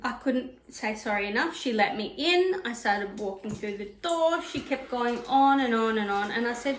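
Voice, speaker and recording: A woman's voice: fairly high pitch, expressive, normal speed, hardly any pauses, slight background noise. A woman vlogging about knitting and sewing, telling a story in a chatty, digressive way while ironing at home. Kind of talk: casual chat. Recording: echoey room.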